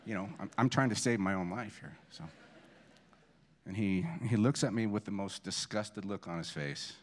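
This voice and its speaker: Man in his forties, low voice, self-deprecating humor, memorial speech in a church. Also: normal speed, darkish tone. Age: 40s. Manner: self-deprecating humorous anecdotes, many restarts. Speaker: family friend giving a eulogy. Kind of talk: storytelling eulogy at a memorial service.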